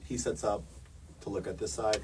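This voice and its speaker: Low voiced sound guy walking folks thru the gear, slow and patient, mic a bit far off. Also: little pitch movement, a little mellow. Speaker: audio technician. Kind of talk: explaining a setup. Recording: distant mic with faint noise.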